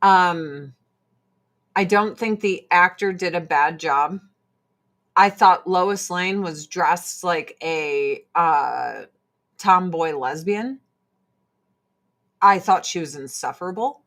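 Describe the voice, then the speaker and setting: A middle-aged woman hosting a show, chatting casually in an animated, profane, rambling way. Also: lowish voice, slow pace, long pauses. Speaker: host. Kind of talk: casual chat.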